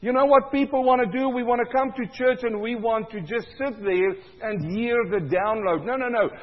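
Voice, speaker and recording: A male pastor preaching a sermon, swinging between loud cries and low, quiet stretches, with a husky voice. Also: moderate pace, long reverb tail, lo-fi sound.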